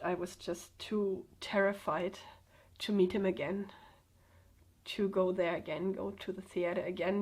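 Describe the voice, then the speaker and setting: A young woman speaking to camera in a halting, hesitant way, with many pauses and fillers, telling a personal story. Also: medium pitch, a little mellow. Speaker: vlogger.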